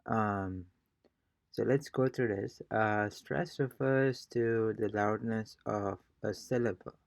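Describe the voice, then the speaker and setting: A man's voice: lowish voice, slow pace, gravelly, dry recording. A man teaching a casual language lesson as a fellow learner, hesitant and thinking aloud with many fillers. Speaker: self-taught Spanish learner teaching a lesson.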